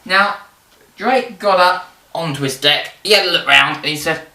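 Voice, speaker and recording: A man presenting history in casual educational storytelling, animated and rambling, with fillers and jokes. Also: on the high side, normal speed. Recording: roomy, distant mic.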